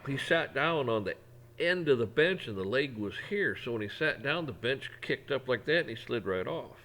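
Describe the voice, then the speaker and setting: A man's voice: mid-range voice, lively intonation, normal speed, fairly bright tone. A middle-aged man talking in a casual, folksy way, rambling through an opinion monologue with frequent restarts. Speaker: vlogger.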